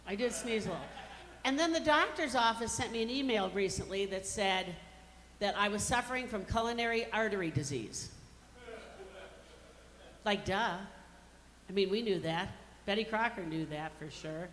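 A woman's voice: medium pitch, moderate pace, long pauses, fairly bright tone. A woman in her fifties from Colorado doing a stand-up comedy routine, with brash, self-mocking punchline delivery on a stage microphone. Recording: reverberant hall, faint background noise.

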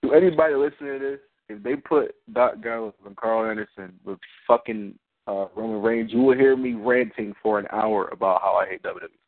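Low-voiced and brisk with few pauses, this man co-hosts a wrestling podcast. His casual chat turns into an animated, profane rant, captured in a dry, tinny, phone-like recording.

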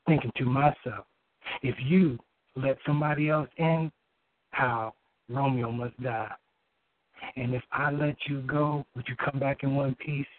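A man calling in to read his spoken-word poem, halting at times and filling gaps with fillers and restarts. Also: medium pitch, no echo. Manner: halting, with many fillers and restarts between lines. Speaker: caller reading his poem. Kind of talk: spoken-word poetry over the phone. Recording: tinny phone line.

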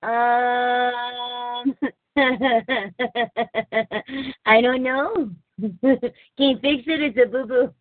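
A woman's voice: on the high side, fairly even intonation, drawn-out words, long pauses, no echo. A woman hosting a casual online talk show, laughing often and poking fun at herself. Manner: laughs often, self-mocking. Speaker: podcast host. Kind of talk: casual chat. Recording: tinny phone-like sound.

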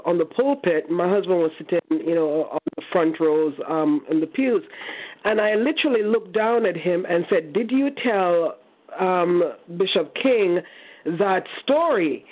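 A woman's voice: fairly low pitch, normal speed. Chatty woman on a phone line. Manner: chatty, lots of um and restarts. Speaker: caller. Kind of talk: casual phone testimony.

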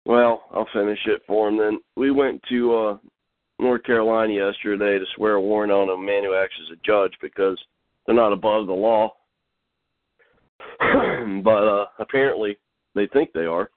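A middle-aged man hosting a call-in show, teaching a Bible lesson while getting over a cold, pausing often to clear his throat. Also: fairly low pitch, steady tone, dry recording. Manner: halting, frequent throat-clearing and fillers. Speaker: host. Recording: dry, tinny phone line.

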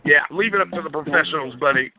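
A man's voice: on the high side, quick pace, a crowd in the background. A man on a phone chat line, mocking and sarcastically brushing off a troll caller. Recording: tinny phone line with music.

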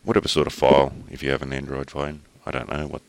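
A man's voice: extremely low pitch, completely flat delivery, fast, gravelly, clear, resonant tone. A man with an Australian accent hosting a podcast, joking and teasing his co-hosts in casual banter. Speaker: podcast host.

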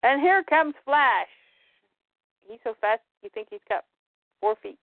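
A woman in casual podcast chat, summing up a comic with a lively, swooping voice that sits a little high. The sound is thin and phone-like, with no room echo at all. She slips in quick character voices as she goes. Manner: animated, acts out lines of characters in quick voices. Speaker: comic book podcast co-host. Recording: tinny phone-like dry sound.

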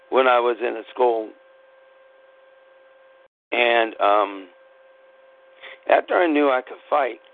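A middle-aged man from Pittsburgh, telling a personal story in a blunt, profane, rambling way. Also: medium pitch. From Pittsburgh, United States. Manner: blunt, profane, animated retelling. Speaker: podcast host. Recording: tinny phone-like line.

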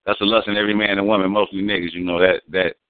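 A man's voice: deep voice, level tone, very fast, clear, resonant tone, dry recording. A man in casual, profane, rambling talk, explaining slang terms and acting out quotes. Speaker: guest. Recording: dry, phone-like sound.

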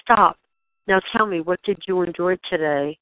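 Woman, channeled spiritual guidance, gentle questioning prompts, dry close sound, tinny phone-like audio. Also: fairly low pitch, moderate pace, dry recording. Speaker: spiritual guide.

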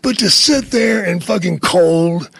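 A man telling a profane backstage anecdote in an animated way, acting out the dialogue. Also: high voice, measured pace, gravelly, breathy edge, dry recording. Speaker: storyteller in archive clip.

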